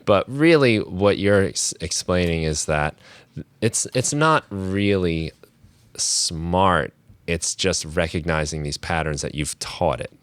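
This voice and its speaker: A man's voice: sits low, animated, slow, smooth, dry recording. A man hosting a podcast, asking curious questions and thinking aloud with restarts. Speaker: podcast host. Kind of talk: casual interview talk.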